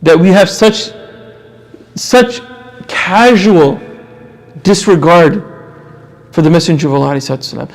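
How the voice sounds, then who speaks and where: A man's voice: high-pitched, animated, normal speed, long pauses. A man giving an impassioned religious lecture, repeating phrases for emphasis.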